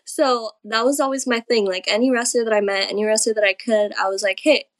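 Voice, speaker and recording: Young female guest, somewhat high voice, laughs often, talks with lots of "like". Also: fairly even intonation, fast. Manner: giggly, fills speech with "like". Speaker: guest, pro wrestler. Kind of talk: casual interview storytelling.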